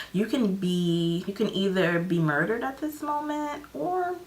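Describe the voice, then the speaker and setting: A woman in her twenties telling a story in a casual vlog, animated and dramatic, acting out her own lines. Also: medium pitch, slow pace. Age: 20s. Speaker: vlogger.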